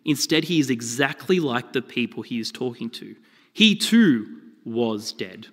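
A man preaching a sermon, telling stories with lively, shifting emphasis. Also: mid-range voice, a little slow. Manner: animated storytelling with shifting emphasis. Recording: long reverb of a hall.

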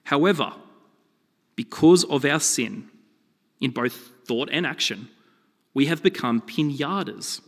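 A man delivers a sermon and tells stories with animated, shifting emphasis. His voice sits in an ordinary middle register. A long reverb from the hall trails after his words. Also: mid-range voice, slow pace, pauses often. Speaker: preacher.

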